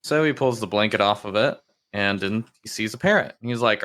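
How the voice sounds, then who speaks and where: Podcast guy telling dirty jokes, kinda low but bright voice, swearing a lot, does the characters' lines. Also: expressive, moderate pace. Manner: loose storyteller, swears freely, acts out characters' lines. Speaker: podcast co-host. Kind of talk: casual chat, telling jokes.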